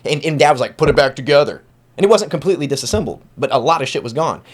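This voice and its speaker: A man's voice: a little high, expressive, racing. A middle-aged man, telling loose, profane stories on a casual podcast. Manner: profane storytelling, acts out quoted voices. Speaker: podcast host. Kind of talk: uncensored casual chat.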